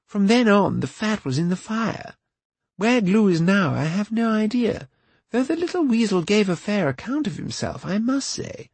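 A man voicing an excitable male bard in an audiobook, with a husky, breathless manner and a pitch raised above his own narration. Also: normal speed, no echo, heavily acted. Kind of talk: audiobook character voice.

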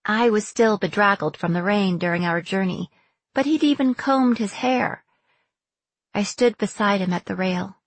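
A woman reading a first-person fantasy novel aloud, with measured, clear storytelling in a dry, close recording. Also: medium pitch, dry recording. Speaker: audiobook narrator.

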